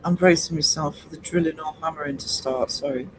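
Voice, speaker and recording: Male streamer, higher register, loose chatty delivery with frequent ums. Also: steady tone, a little fast, fairly bright tone, a little hiss or hum, poor audio. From United Kingdom. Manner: rambling, chatty, greets chat by name, many ums. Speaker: livestream host. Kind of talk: casual live-stream chat with viewers.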